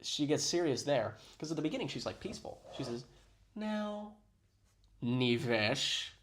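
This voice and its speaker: A man's voice: fairly high pitch, lively intonation, quick pace, a little hiss or hum. A man giving sarcastic, mock-serious commentary on a video he is playing. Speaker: reaction commentator.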